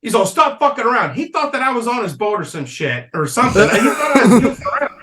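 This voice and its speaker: High-voiced man telling a rowdy story. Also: quick pace, crowd noise. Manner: animated storyteller, swears a lot, laughs mid-story. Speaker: podcast guest. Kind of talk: casual storytelling on a comedy podcast.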